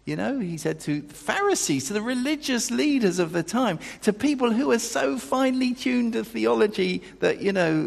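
In a church hall full of echo, a man with a high, creaky voice preaches a sermon, starting off conversationally before building to emphatic declarations.

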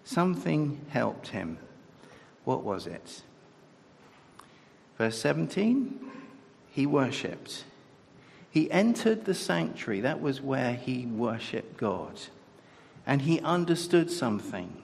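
Gravelly preacher in an echoey hall. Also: male voice, mid-range voice, very animated, slow pace, long pauses, a little hiss or hum. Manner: conversational, with rhetorical questions. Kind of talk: sermon.

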